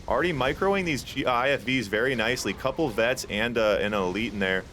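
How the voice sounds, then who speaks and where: A man casting an online strategy game tournament, casual and chatty, climbing higher and louder when the action heats up. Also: a little fast, a little hiss or hum. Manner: excitable, rises sharply in pitch at big plays; casual, chatty with filler words. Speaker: tournament caster. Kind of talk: esports play-by-play commentary.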